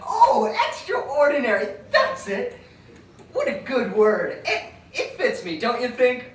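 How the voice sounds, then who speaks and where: An actor plays an eager boy full of boasts and laughter. The voice sits high and jumps around a lot. The stage echo is heavy and the mic is far off. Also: slow pace, slight background noise, heavily acted. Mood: excited. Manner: excited, laughing, breathless eagerness. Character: eager, boastful boy who longs to fly. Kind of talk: stage play acting.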